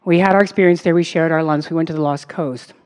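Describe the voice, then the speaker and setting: A woman activist telling a personal road-trip story on a music festival stage, animated, full of fillers and easy laughter. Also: deep voice, fast talker. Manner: animated, many fillers and likes, breaks into laughs. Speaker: activist speaker. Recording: long reverb of a big space.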